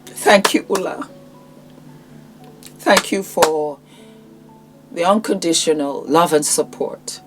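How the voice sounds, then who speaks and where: A woman's voice: fairly low pitch, slow pace, pauses often, music in the background. A woman with a Nigerian accent presenting products in a chatty vlog, effusive and fond of calling viewers "my darling".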